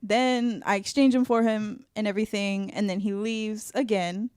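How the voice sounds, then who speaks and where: A woman's voice: medium pitch, fairly even intonation, normal speed, a little mellow, clear, resonant tone, dry recording, studio quality. A young woman, a podcast guest, telling a story in casual chat, laughing and acting out the people she talks about.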